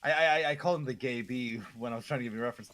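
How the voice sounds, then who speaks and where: Talking very fast in a mid-range, fairly bright voice, a man chats casually with a friend while they play an online game together. His rambling, filler-laden stories mark him as a laid-back co-op gamer.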